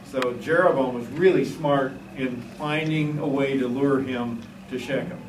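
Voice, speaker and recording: A man teaching a Sunday school Bible class, animated and full of joking asides. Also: medium pitch, unhurried. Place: church classroom. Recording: echoey room, distant mic, faint hiss.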